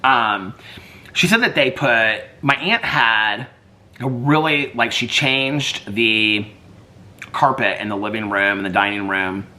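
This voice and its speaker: A man's voice: medium pitch, takes it slowly, pushed and bright. A man vlogging in casual chat, rambling and filling his talk with "like". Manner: rambling, heavy use of "like".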